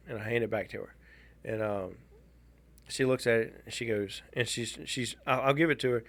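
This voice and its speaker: A man, co-hosting a podcast and telling a personal story in a casual, halting, wry way. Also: mid-range voice. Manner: halting, restarts a lot, candid and wry. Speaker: podcast co-host.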